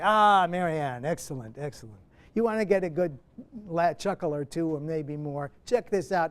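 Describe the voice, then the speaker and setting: A man in his seventies giving a university lecture as a guest playwright, digressive and self-interrupting, with many asides. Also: on the high side.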